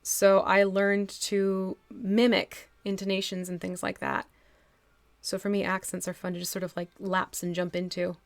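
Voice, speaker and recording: A woman's voice: medium pitch, fairly even intonation, normal speed, a bit bright, no room sound. A woman from the United States chatting casually with her live-stream audience while painting a miniature. She talks to the chat as she works and laughs often. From United States (Texas, then New Jersey).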